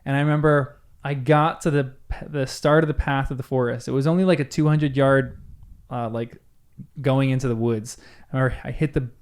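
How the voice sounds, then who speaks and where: A man's voice: medium pitch, steady tone, brisk, clean tone. A young man, a podcast co-host, telling a story in casual group chat and acting out the voices he quotes.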